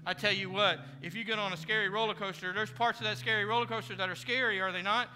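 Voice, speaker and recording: An earnest male pastor delivers a sermon in a fairly high voice, acting out the prayers and conversations he imagines. His words ring through a reverberant church hall. Guitar music plays clearly behind him. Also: steady tone, fast, few pauses, pushed and bright. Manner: earnest, preacherly, voicing imagined prayers and speeches. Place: church sanctuary.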